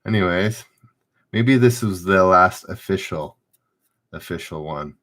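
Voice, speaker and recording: A man's voice: deep voice, unhurried, a bit bright. A man hosting a live-streamed trivia game, reading questions aloud and chatting loosely with viewers.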